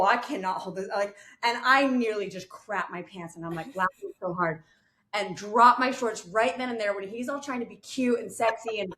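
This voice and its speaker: A woman guest on a podcast telling a story in an animated way, acting out quotes and laughing often. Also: on the high side, roomy sound. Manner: expressive, acts out quotes loudly, laughs often.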